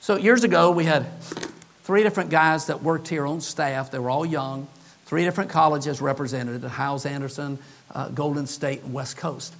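A high-pitched male pastor preaching a sermon in a church. He tells his stories in an animated way and acts out each person in the dialogue with his own shifting voices. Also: normal speed, a little hiss or hum. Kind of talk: sermon storytelling.

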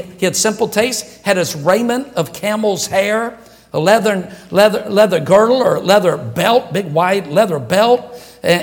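A male pastor preaching a sermon to his congregation, conversational and jokey, chuckling at his own asides. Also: high-pitched. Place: church sanctuary.

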